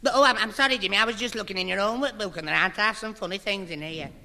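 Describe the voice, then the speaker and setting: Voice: medium pitch, rapid-fire, sharp tone. An actor playing a dim-witted young lad in a radio sitcom, rambling and stumbling over his words. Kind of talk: 1950s radio sitcom acting.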